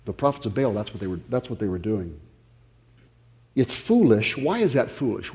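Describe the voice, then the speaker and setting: A man's voice: fairly low pitch, big pitch swings, darkish tone. A man preaching a sermon in a conversational way, often stopping and restarting, asking the listeners questions. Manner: conversational, halting with many restarts and fillers. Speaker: pastor.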